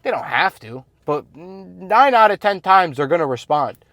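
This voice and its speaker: A man's voice: high voice, very animated, unhurried, sharp tone, no room sound. A man coaching other men in a casual advice monologue, blunt and slangy, full of "like" and "you know". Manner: blunt, slangy, filler-heavy talk. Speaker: men's self-improvement coach.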